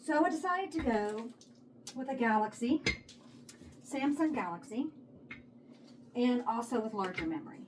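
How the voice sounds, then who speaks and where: A woman's voice: on the high side, expressive, measured pace, long pauses, noisy background. A woman with a Texas accent chatting casually while she cooks at home, thinking aloud as she works, recorded on a phone set on a tripod. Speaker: home cook vlogger. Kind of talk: casual cooking vlog chat. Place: home kitchen.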